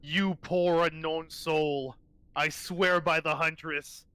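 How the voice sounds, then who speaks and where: A man voicing a proud young male ranger, suddenly aged twenty years, who speaks in slow, solemn declarations in a tabletop game. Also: fairly high pitch, steady tone, a bit bright, clear, resonant tone, no echo.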